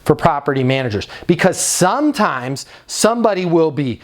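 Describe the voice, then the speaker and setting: A man's voice: on the high side, very animated, normal speed, hardly any pauses. A man giving a motivational training talk to leasing agents, direct and emphatic, drawing out key words for stress.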